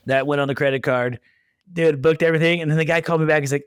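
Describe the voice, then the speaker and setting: A man's voice: fairly high pitch, fairly even intonation, rapid-fire, clear, resonant tone, no room sound, clean studio sound. A man in his thirties hosting a podcast, telling stories in a chatty way and acting out the quotes. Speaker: podcast host. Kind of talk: casual interview chat.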